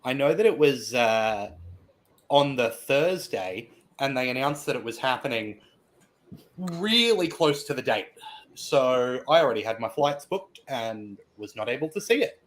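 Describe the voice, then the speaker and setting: Aussie co-host, dry delivery, reads listener questions. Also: male voice, mid-range voice, very animated, unhurried, a bit bright. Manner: dry, joking asides. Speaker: podcast co-host. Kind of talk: casual chat.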